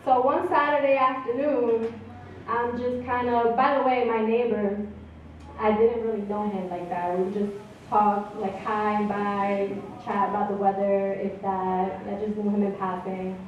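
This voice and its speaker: A woman's voice: medium pitch, a little hiss or hum. Woman telling a story at a ballpark. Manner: laughing, animated, chatty. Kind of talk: live storytelling on stage. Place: outdoor ballpark stage. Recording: echoey, distant, dull live recording.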